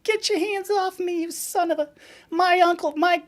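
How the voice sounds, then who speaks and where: Woman doing a high brash tough guy. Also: normal speed. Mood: belligerent. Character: tough-talking hothead threatening a stranger.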